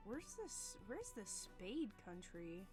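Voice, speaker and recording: A woman voicing an eager, curious adventurer in a tabletop game, asking excited questions. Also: mid-range voice, takes it slowly, over music.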